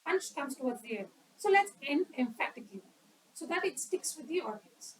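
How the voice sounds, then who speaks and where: Woman giving a public speaking lesson, high voice, picked up from across the room. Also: big pitch swings, normal speed, recorded from a distance, a crowd in the background, rough recording. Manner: interactive, quizzes the audience and acts out examples. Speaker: Toastmasters club speaker. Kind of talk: educational talk on public speaking.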